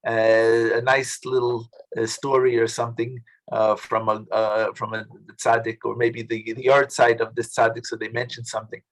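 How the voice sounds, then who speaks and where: Halting man leading a study group. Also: mid-range voice, flat delivery, poor audio. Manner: halting, with many fillers and restarts. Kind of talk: casual teaching talk. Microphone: video call.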